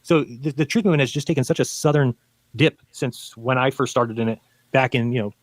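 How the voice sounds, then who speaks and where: A man's voice: medium pitch, a little fast, no room sound. A man arguing in a debate, insistent and lecturing, pressing his points hard. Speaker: debate guest. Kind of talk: heated debate talk.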